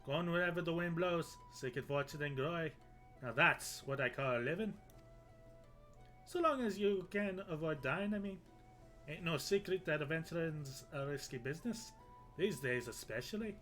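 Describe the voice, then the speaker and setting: A man's voice: on the high side, expressive, normal speed, fairly bright tone, faint music behind. A man voicing a chatty bearded male sailor peddler in a video game, with an exaggerated put-on Irish accent and folksy rustic phrasing. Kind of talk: reading game dialogue aloud.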